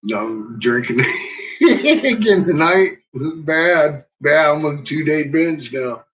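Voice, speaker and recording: A man's voice: fairly high pitch, lively intonation, slow pace, fairly bright tone. A man vlogging casually at home in his kitchen, rambling, joking and talking to his pets. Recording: dull, noisy home recording.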